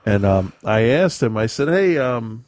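A man's voice: mid-range voice, lively intonation, unhurried, darkish tone, dry recording, studio quality. A man chatting casually as a podcast host, telling a meandering story full of restarts and laughs. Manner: rambling storyteller, self-correcting, laughs often. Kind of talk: casual chat.

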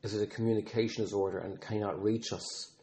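A man with a fairly low, dark and mellow voice speaks in an earnest, reflective podcast monologue. He talks haltingly, often restarting sentences and filling pauses as he works through his thoughts. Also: fairly even intonation, slight background noise. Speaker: podcast host, father of an autistic son.

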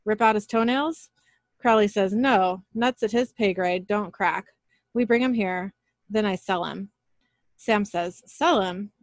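A woman narrates an episode in a casual recap, reading out the characters' dialogue in her everyday voice. Her pitch sits in the middle for a woman. The sound is dry and close, with no room echo. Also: measured pace. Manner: reads every character's lines in her own voice, laughing at her slips.

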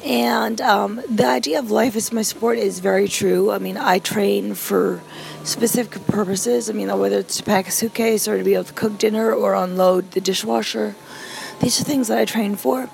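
A woman's voice: mid-range voice, steady tone, moderate pace, gravelly, a little mellow, slight background noise, rough recording. A woman who survived a stroke, casually telling a personal story with many asides and fillers.

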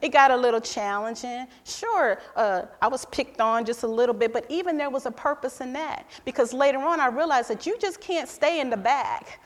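A middle-aged woman preaches in a church hall, her somewhat high voice trailing off into a long reverb. She moves from forceful, emphatic lines to soft, hushed ones as she tells her story. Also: normal speed, few pauses. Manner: emphatic, swings between loud and hushed. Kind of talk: sermon with personal testimony.

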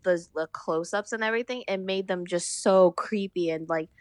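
A woman's voice: lowish voice, moderate pace, no room sound. Chatty woman full of "like" fillers. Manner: chatty, heavy "like" fillers, acts out reactions. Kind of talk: casual chat about a film.

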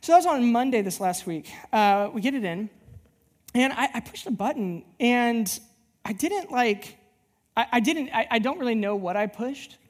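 Preaching to his church plant, a male pastor tells a personal story in an animated, meandering way with plenty of restarts. His pitch is extremely high, his speed normal, and the room has long hall reverb.

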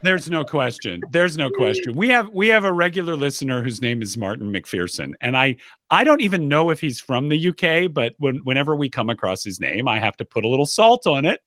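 A man's voice: medium pitch, very animated, a bit bright, dry recording, studio quality. A man from Georgia with a Southern US accent, a podcast guest bantering casually and laughing at himself. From Georgia, USA. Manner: self-deprecating, jokey, quick to laugh.

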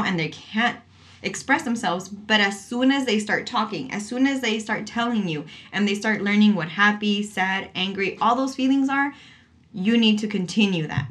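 A young woman speaking as a mother in a relaxed, conversational chat. She tells her stories with animated energy and breaks into laughter often. Her voice sits in an ordinary middle pitch. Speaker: mother on a parenting talk show.

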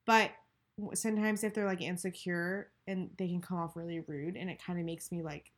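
This young Texan woman co-hosts a podcast, chatting casually in a fairly low, fairly even voice at a fairly quick clip. Her talk is loose and full of fillers and restarts.

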